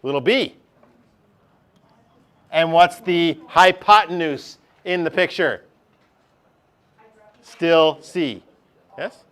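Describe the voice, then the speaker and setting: A man's voice: fairly high pitch, very slow, pauses often, fairly bright tone. A male teacher, giving a chatty classroom lesson and often checking in with his class.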